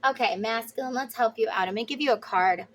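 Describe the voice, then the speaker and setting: A woman's voice: fairly high pitch, fast talker, slight background noise. A woman giving a casual tarot reading to her viewers, chatty and emphatic, sometimes blunt and swearing. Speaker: tarot reader.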